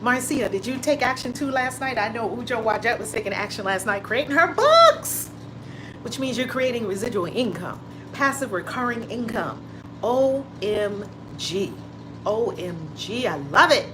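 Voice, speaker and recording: A woman's voice: a little high, big pitch swings, moderate pace, over music. Effusive woman hosting a livestream. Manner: effusive, greets viewers by name, exclaims. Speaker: livestream host. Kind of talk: casual livestream chat with viewers. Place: home room with window open. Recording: noisy home livestream audio.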